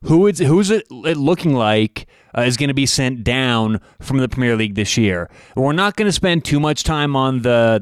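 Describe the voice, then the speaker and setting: A man's voice: medium pitch, clear, resonant tone, no echo, studio quality. A man hosting a sports betting talk show, rambling with restarts and asides. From United States. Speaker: sports betting podcast host. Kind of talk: casual talk with a read ad.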